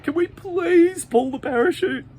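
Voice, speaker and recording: A man's voice: a little slow, darkish tone, slight background noise. A man voicing a timid, fretful male pea who panics and whines, in a storybook reading. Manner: panicky, whiny, high-strung.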